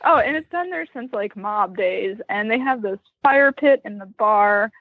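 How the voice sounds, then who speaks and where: A woman's voice: medium pitch, lively intonation, a little slow, dry recording. A woman from Western Pennsylvania, a guest chatting animatedly and telling stories with lots of "like.". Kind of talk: casual storytelling interview. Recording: tinny phone line, remote call.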